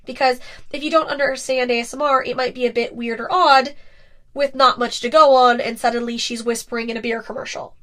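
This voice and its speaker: High-voiced woman podcast host, chatty. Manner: chatty, many "like" fillers. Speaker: podcast host and ASMR creator. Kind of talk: casual podcast chat.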